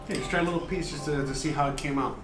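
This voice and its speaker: A man's voice: on the high side, very fast, echoey room, over music. A man hosting a casual cooking livestream, chatting and explaining each step, cursing now and then. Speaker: cooking show host.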